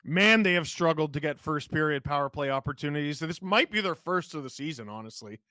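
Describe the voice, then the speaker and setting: Calling the play rapidly at a live hockey watch-along, a man reads chat and bursts into sudden excited shouts. His voice sits on the high side and is hoarse and cold-roughened, captured in a dry recording.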